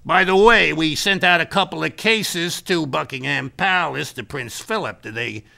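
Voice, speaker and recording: A man's voice: a little high, normal speed, creaky, bright, forceful tone, full character voice. A man playing a boastful American businessman who calls himself a Scottish laird, talking in brash, self-important salesman bluster. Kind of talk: improvised comedy character monologue.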